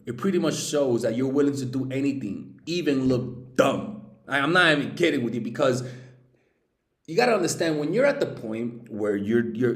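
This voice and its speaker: A young man giving dating advice in a casual vlog, animated and profane, with many restarts. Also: mid-range voice, echoey room. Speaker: dating coach.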